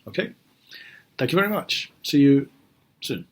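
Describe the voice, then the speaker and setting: A man's voice: medium pitch, very animated, measured pace, slightly rough. A man, a teacher talking through a casual recorded lesson in a chatty, rambling, playful way and correcting himself as he goes. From England. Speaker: English teacher.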